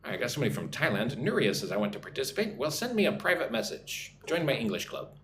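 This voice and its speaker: During a live English lesson, an American-accented man talks fast in a mid-range, slightly bright voice with big pitch swings. He keeps asking "right?" and reading out viewer comments, with room echo and faint background noise in the recording.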